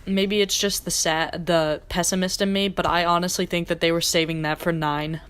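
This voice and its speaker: A woman's voice: lowish voice, little pitch movement, normal speed, a bit bright, clear, resonant tone. A young woman hosting a pop-culture podcast, chatting casually and rambling with fillers. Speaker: podcast host.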